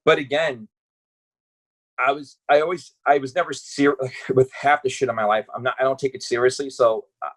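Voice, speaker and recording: A man's voice: mid-range voice, normal speed. A man, telling stories in a casual podcast chat, acting out the voices of the people he quotes. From Brooklyn, New York. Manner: animated, acts out quoted voices, lots of swearing and fillers. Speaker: podcast guest. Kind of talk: casual storytelling.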